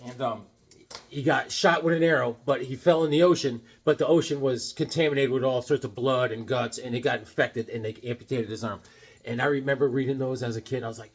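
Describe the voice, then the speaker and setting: Fairly quick and medium in pitch, with a breathy edge, a middle-aged man's voice fills this casual chat showing comics. The comic collector vlogger is enthusiastic and excitable as he presents his pickups, joking as he goes.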